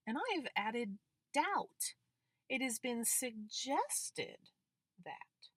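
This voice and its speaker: A woman lectures on grammar, walking through each example patiently. Her voice sits a little high and she speaks slowly. The recording is dry and close, with no room sound. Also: lively intonation, a bit bright, no room sound. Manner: deliberate, explaining with worked examples. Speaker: grammar instructor.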